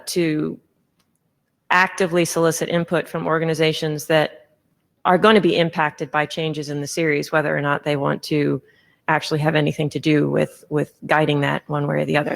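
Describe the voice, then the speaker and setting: Low creaky woman chairing a meeting. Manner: informal, filler-heavy, self-correcting. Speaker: session chair presenting a proposal. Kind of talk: presentation and meeting discussion. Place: conference meeting room.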